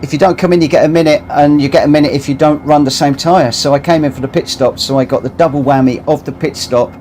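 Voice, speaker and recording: A man's voice: on the high side, fairly even intonation, fast, darkish tone, slight background noise. A man commentating live on his own racing game, scolding himself ruefully after a costly mistake. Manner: exasperated, self-scolding, rueful. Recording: game music playing behind.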